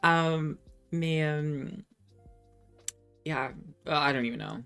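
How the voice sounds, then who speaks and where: A young adult woman streamer chatting casually with viewers, self-deprecating and halting when she tries French. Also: sits low, vocal fry, a bit bright, clear, resonant tone, soft background music. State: slightly under the weather.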